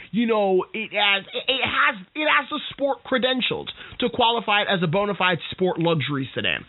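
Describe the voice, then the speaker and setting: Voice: mid-range voice, vocal fry. A podcast host ranting casually on their own, exasperated, often stumbling and repeating words. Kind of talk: casual solo rant. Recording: tinny phone-like sound.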